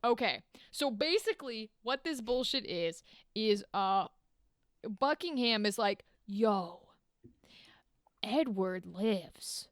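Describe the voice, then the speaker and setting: A woman podcast host retelling a play in a casual, profane, animated way. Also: a little high, a little slow, clean tone, no room sound, clean studio sound. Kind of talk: casual chat.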